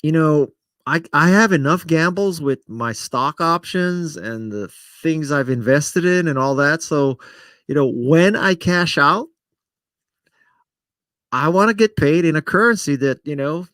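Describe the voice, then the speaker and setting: A man's voice: on the high side, a little slow, a bit bright, no room sound. A middle-aged man hosting a live stream, chatting casually and self-deprecatingly as he answers viewers by name. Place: home studio setup in front of a camera.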